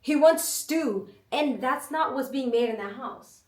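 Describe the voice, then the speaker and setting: A young woman on a chat podcast who tells stories with energy, talks straight to the viewers and swears casually. Her voice is quite high, and she sounds a little far from the mic in a roomy, echoing space. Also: unhurried. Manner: lively storyteller, swears, addresses viewers as guys. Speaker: podcast co-host. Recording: echoey room, mic at a distance.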